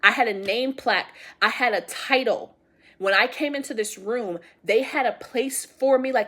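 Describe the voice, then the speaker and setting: A woman's voice: fairly high pitch, normal speed, pushed and bright. A woman giving an intuitive tarot reading to her viewers. She speaks in a casual, emphatic way, repeating key phrases and addressing the audience directly with affectionate encouragement. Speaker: tarot reader.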